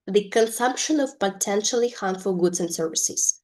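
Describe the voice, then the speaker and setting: A woman teaching an English lesson, reading example sentences slowly and deliberately. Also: a little high, darkish tone.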